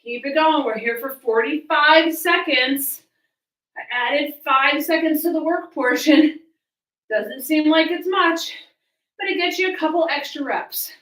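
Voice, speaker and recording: Winded woman coach counting reps, slow easy delivery, bright voice, roomy echo from the mic being a bit far. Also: high voice. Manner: counting reps and cueing moves while exercising. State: out of breath. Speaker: fitness coach. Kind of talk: coaching a live home workout. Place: small hot room at home.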